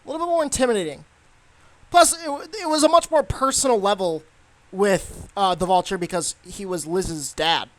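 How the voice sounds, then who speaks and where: A man's voice: high-pitched, normal speed. A young man giving a casual, rambling movie review, full of fillers and restarts.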